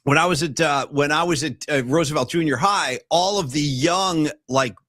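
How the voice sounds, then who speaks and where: A man co-hosting a casual sports podcast over a video call, from San Francisco, telling animated stories and quoting movie lines. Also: a little high, moderate pace, no echo. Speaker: podcast co-host.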